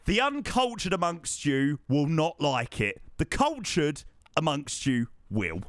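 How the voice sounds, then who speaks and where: A man's voice: a little high, big pitch swings, takes it slowly, fairly bright tone, dry recording. A young man, chatting casually with viewers on a live stream and thanking them by name.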